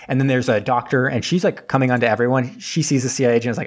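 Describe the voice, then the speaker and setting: A man's voice: mid-range voice, quick pace, hardly any pauses. A man casually recapping a movie plot on a podcast, rambling with lots of fillers and losing his thread. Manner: rambling, filler-heavy, loses his train of thought.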